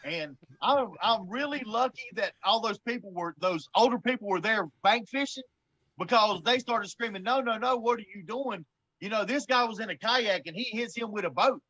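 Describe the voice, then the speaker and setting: High, bright-voiced man in his forties. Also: normal speed, poor audio. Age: 40s. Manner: animated, laughs often while telling; blunt, swears freely. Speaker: guest. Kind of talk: casual storytelling.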